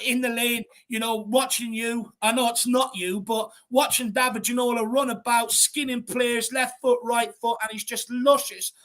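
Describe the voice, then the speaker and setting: An Irish man co-hosting a fan channel, chatting casually on a live stream and reading out viewer comments with shout-outs. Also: very high voice. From Ireland.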